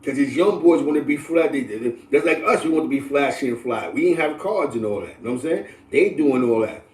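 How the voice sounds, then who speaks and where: A middle-aged man from the Bronx, talking casually to livestream viewers in animated street slang and often asking "you know what I'm saying". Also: medium pitch, brisk. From the Bronx, New York. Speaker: livestream host. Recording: roomy, distant from the mic.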